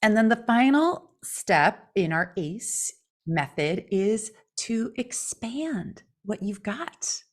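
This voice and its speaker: A Californian woman who coaches voices co-hosts an informal podcast, speaking slowly at a medium pitch. Her delivery is expressive, and she plays with intonation to demonstrate what she's saying.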